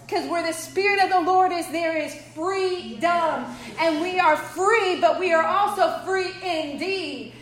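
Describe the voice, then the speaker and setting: A woman's voice: very high voice, unhurried, hardly any pauses. A woman preaching and praying fervently to a women's gathering, recorded on a phone held in her hand in a church room. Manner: fervent, drops to hushed prayer, laughs easily. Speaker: women's ministry speaker. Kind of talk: sermon and prayer. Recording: echoey room, phone mic.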